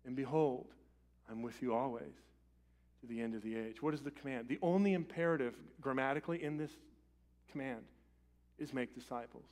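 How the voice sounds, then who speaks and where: A man preaching a sermon as pastor in a church, swinging from loud urgent appeals to quiet, intimate lines. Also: mid-range voice, fairly quick. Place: church sanctuary.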